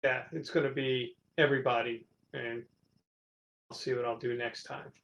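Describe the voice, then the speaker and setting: A man's voice: mid-range voice, level tone, normal speed, gravelly, a bit bright. A man playing a tabletop game, casually declaring his moves and spells. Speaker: player.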